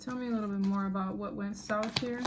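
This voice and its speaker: A woman giving a casual tarot reading to camera, chatty and animated, often laughing and exclaiming. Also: mid-range voice, quick pace, noisy background. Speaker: tarot reader.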